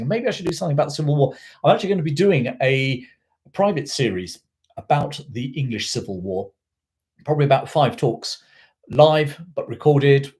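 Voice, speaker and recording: A man's voice: mid-range voice, a little mellow. Man, middle-aged, history host, casual rambling chat, digressive, chatty storyteller, raised in South Africa. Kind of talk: casual live-stream chat.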